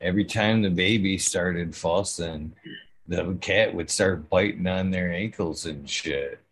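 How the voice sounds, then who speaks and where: An older man with a lowish voice, chatting casually and loosely. He wanders through his stories, swearing freely as he goes. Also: unhurried, slightly rough. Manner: rambling, profane storytelling. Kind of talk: casual chat.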